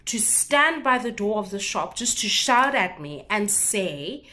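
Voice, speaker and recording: A young South African woman in her twenties talking to camera in a casual vlog, telling stories in an animated, indignant, expressive way. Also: medium pitch, unhurried, hardly any pauses. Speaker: vlogger.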